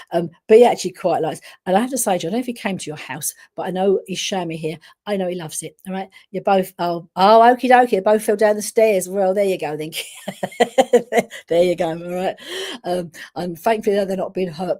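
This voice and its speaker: A woman giving a live psychic reading, chatty and warm in her wording, full of restarts and "all right?" check-ins. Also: on the low side. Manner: chatty, repeats "all right?" and "I wanna say to you"; frequent restarts and stammered repeats. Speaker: psychic medium.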